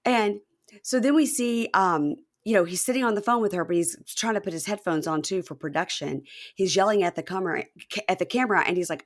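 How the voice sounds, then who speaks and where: A woman's voice: medium pitch, a little fast. A woman hosting a podcast, chatting casually and acting out the people she describes in raised voices. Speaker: podcast host. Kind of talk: casual chat recapping a reality show.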